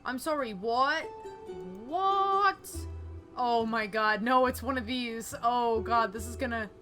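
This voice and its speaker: A young woman hosting let's play commentary, chatty and expressive, reacting out loud with yelps and the odd swear. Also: fairly high pitch, slow. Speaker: gaming channel host. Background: game music.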